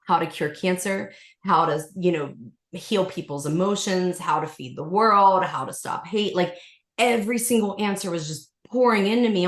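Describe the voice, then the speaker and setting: A woman with a lowish voice tells a personal story in a casual podcast chat, animated and full of fillers, jumping into the voices of the people in it. Her voice carries a roomy echo. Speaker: yoga teacher and podcast guest.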